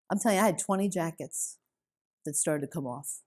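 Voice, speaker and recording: This middle-aged woman talks a little fast in a low-pitched, darkish voice. She is giving a heartfelt personal testimony about her faith to a women's conference in a conference hall.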